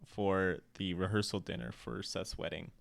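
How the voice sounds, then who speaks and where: A man's voice: sits low, normal speed, vocal fry, dry recording. A young man co-hosting a podcast, telling a story in casual chat and acting out the other people's lines with laughter. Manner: animated, acts out quoted voices with laughs. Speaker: podcast co-host.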